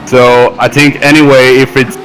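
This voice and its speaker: A man from Norway, a drift driver, chatting in a laid-back way over a video call, with short answers and soft laughs. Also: mid-range voice, little pitch movement, normal speed, soft background music, poor audio. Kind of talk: casual video-call chat.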